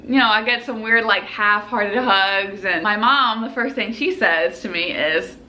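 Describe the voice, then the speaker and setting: A young woman in her twenties, a medical student telling a story to the camera in a casual vlog, animated and excitable. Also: fairly high pitch, normal speed, few pauses, a little hiss or hum. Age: 20s.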